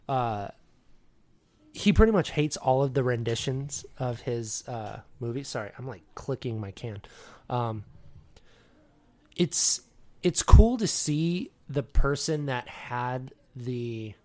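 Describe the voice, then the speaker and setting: A man's voice: medium pitch, a little mellow. A man co-hosting a podcast, rambling through opinions with jokey asides. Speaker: podcast co-host. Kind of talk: casual chat.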